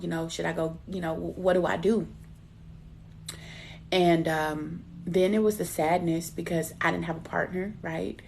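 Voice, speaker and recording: A woman's voice: fairly low pitch, a little mellow. A middle-aged woman giving a live spiritual reading in a personal, chatty way. She laughs at herself and calls her listeners baby. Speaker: intuitive card reader.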